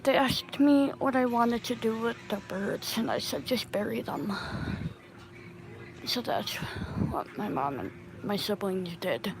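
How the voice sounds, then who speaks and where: Slow, halting woman telling a story. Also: mid-range voice, expressive, noisy background. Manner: halting, with many restarts and pauses. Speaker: storytime vlogger. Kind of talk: casual storytelling.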